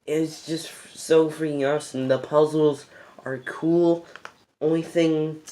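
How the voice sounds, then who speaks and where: A gaming video host giving casual game recommendations, rambling and excitable, often losing the thread mid-sentence and restarting. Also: medium pitch, slow pace. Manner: rambling and excitable, repeats "freaking epic".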